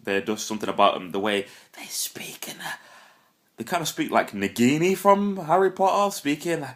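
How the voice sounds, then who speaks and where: A young man giving a casual, rambling film review, animated and full of swearing. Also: medium pitch, normal speed. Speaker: vlogger reviewing films.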